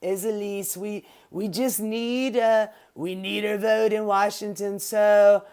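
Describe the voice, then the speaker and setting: A woman's voice: mid-range voice, steady tone, slow pace, darkish tone. A woman parodying a smug, boastful older male president, rambling and self-satisfied. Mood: smug mocking.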